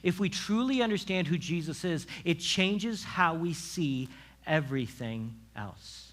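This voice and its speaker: Male pastor, lively conversational sermon delivery, bright and a touch high-pitched. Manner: casual, animated preaching with asides and quick restarts.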